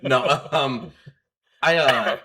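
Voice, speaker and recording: A man co-hosting a podcast in a casual chat, relaxed and teasing, often pausing with fillers. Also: medium pitch, a little hiss or hum. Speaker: podcast co-host.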